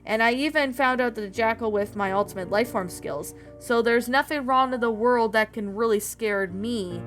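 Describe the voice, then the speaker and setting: A woman reading a storybook, voicing a proud, easily spooked male hedgehog who boasts defensively, with soft music behind her. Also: fairly high pitch, normal speed, lightly acted.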